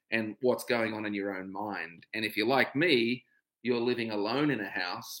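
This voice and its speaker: At home on a casual livestream, a middle-aged Australian man greets viewers by name and chats before settling into a reflective, open talk about his own experiences. His voice is lowish and a bit bright.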